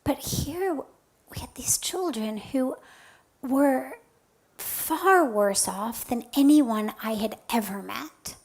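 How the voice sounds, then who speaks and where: Woman, spiritual teacher, slow unhurried delivery, higher voice, soft breathy near-whispers, emphatic rises. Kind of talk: spiritual talk with personal storytelling.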